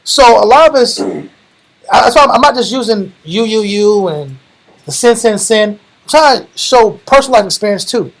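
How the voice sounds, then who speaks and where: Young man, preacher, lively street-style sermon, slangy, animated delivery. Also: high voice, moderate pace, a little hiss or hum, rough recording. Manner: animated, slangy, calls the audience bro.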